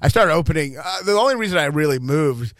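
A man's voice: a little high, expressive, quick pace, a bit bright, no room sound, clean studio sound. A young man from Louisville, a comedian guest, chatting casually in a radio interview and rambling through stories with fillers and laughs. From Louisville, Kentucky.

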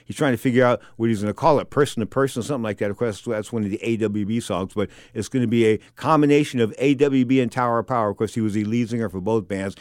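A man's voice: fairly low pitch, a little mellow, no room sound. A middle-aged man hosting a boxing talk show from a studio, blunt and sarcastic as he rants in opinionated sports talk.

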